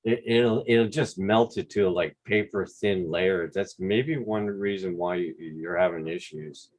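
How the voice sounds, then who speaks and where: Laid-back quebec guy rambling on a video call, bit of swearing, lowish voice. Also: measured pace. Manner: relaxed, rambling, mild swearing. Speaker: drone channel host. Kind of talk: casual livestream chat.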